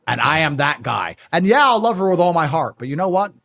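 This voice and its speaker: A man talking as a podcast guest, blunt and insistent. His pitch sits a little high and swings widely as he presses each point. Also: big pitch swings, brisk, gravelly, a bit bright. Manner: blunt, emphatic and stubborn in tone. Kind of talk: casual podcast conversation.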